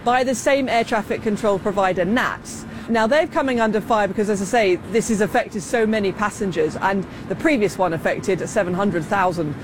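Guy reporting live outside, traffic noise behind, some ums. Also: high-pitched. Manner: measured with fillers and restarts. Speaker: news reporter. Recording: outdoor street noise.

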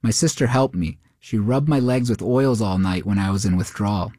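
A man voicing a quiet, low-key male cab driver who answers evasively. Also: normal speed, dry recording, clean studio sound, close to an everyday voice.

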